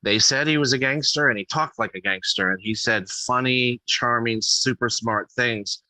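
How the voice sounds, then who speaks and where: A male comedian talking casually as a guest, halting and full of restarts, with a bit of swearing. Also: medium pitch, bright, forceful tone, no echo, low-quality recording. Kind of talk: casual chat.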